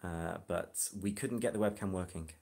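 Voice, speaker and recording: A man's voice: sits low, normal speed, gravelly, a little mellow. A man hosting a casual live stream from a phone indoors, chatting and joking with viewers. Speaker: hypnotist livestream host. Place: flat indoors. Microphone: phone camera.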